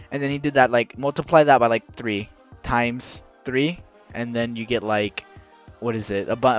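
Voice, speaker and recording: Rambling man, halting and hurried. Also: medium pitch. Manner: halting, many restarts, hurried by a timer. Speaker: video creator explaining game lore. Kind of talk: rambling casual explainer while drawing. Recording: dull lo-fi recording with faint music.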